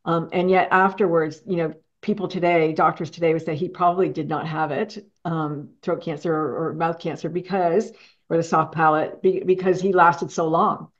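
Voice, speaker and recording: A woman's voice: lowish voice, steady tone, normal speed, dull audio. A woman hosting a casual film chat, talking frankly and laughing easily as she disagrees. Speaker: show host. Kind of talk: casual chat about films.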